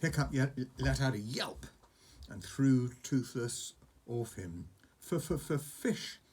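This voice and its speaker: A man's voice: medium pitch, slow, husky. Older grandfather reading a bedtime story. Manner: gentle, chatty asides to a child. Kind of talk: storybook reading over a message.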